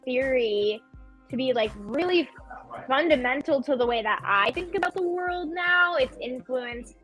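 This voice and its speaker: A woman's voice: sits high, expressive, unhurried, a bit bright, soft background music. A woman chatting enthusiastically, laughing often. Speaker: student. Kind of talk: casual chat.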